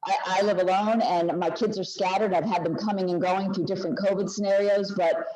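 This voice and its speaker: A woman's voice: medium pitch, steady tone, a little fast, dark tone, muffled recording. An older woman co-presenting an online workshop, speaking reflectively in a conversational way over a video call. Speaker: webinar co-presenter. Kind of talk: casual talk to an online audience.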